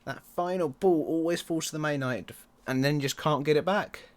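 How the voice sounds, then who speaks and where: A man commenting on his own football management game, excitable and quick to groan or yell at the match. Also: on the high side. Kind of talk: let's play commentary.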